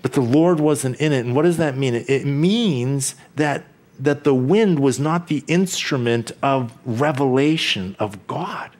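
Slow-speaking male pastor preaching. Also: mid-range voice, lively intonation. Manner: slow, deliberate preaching with dramatic pauses and quiet drops; chuckles between points. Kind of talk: sermon.

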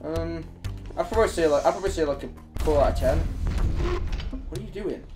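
A man's voice: fairly high pitch, fairly quick, over music. A man giving casual, joking gameplay commentary while playing co-op, prone to sudden yelps. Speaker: co-op gamer.

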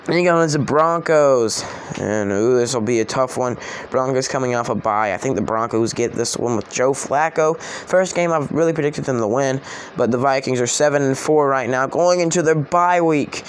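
A man's voice: mid-range voice, normal speed, a little hiss or hum. A man giving casual spoken predictions for a vlog, rambling and often correcting himself. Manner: rambling, self-correcting, chatty. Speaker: sports vlogger.

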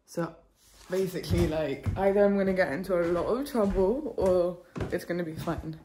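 A woman in her twenties vlogging casually to camera, chatty and excitable, with many fillers. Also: lowish voice, moderate pace, a little hiss or hum. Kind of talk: casual vlog chat to camera.

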